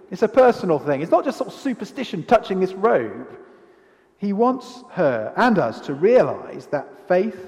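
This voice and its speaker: A man's voice: high-pitched, darkish tone. A man preaching an expository sermon in a church, asking the congregation questions. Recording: reverberant church hall.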